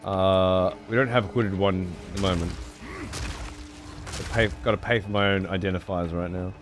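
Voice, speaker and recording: A man streaming a video game, chatting casually and swearing freely with excitable outbursts. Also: low-pitched, moderate pace, soft background music. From United Kingdom. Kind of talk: casual gameplay livestream chat.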